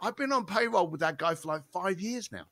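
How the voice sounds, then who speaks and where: Fairly quick and high-sitting, this man's voice carries a salty anecdote on an interview show. As a guest he tells the story animatedly, with lots of laughs and asides.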